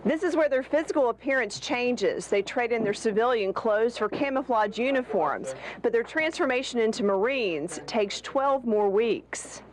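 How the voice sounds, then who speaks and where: A man reporting the news in scripted, measured narration. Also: very high voice, slight background noise. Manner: even, measured delivery.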